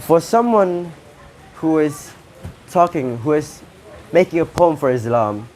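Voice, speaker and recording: A man with an Indonesian accent judging a poetry contest, giving feedback to each contestant in short, halting phrases full of restarts. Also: a little high, animated, darkish tone, slight background noise.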